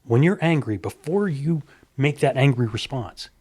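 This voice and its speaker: A man's voice: mid-range voice, normal speed, breathy edge. A middle-aged man, a stunt coordinator, telling stories in casual conversation and acting out the dialogue. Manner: animated storyteller who acts out quoted dialogue.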